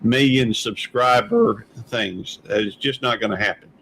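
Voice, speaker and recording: A man's voice: fairly low pitch, unhurried, gravelly, a bit bright, slight background noise, rough recording. Hesitant rambling man hosting a stream. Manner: rambling, hesitant, many fillers and restarts. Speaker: channel host. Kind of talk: casual live-stream panel chat.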